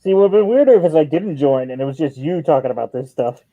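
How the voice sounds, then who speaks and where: A man's voice: on the high side, lively intonation, fast talker, no echo, narrow, tinny audio. A man hosting a stream in casual, joking chat, swearing and laughing often. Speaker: stream host.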